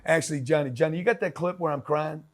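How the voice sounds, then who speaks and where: A man's voice: a little high, fast. Punchy, blunt motivational speaker man. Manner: blunt and punchy, slangy, acts out quoted voices. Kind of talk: motivational talk to camera.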